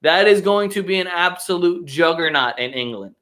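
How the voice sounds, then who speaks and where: A young man hosts a loose soccer talk stream and rants with heavy swearing and strong opinions. His voice is bright and edgy and sits a little high. He often breaks into mocking impressions of other people. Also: lively intonation, normal speed. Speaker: podcast host. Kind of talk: casual soccer chat, live stream.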